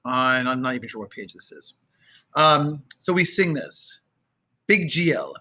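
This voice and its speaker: A man teaching a choir, talking casually and singing out phrases slowly to show how they go. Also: mid-range voice, lively intonation, bright, forceful tone. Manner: sings and chants phrases slowly to demonstrate; conversational with fillers. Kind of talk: choral rehearsal instruction. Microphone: camera, sometimes moving off it.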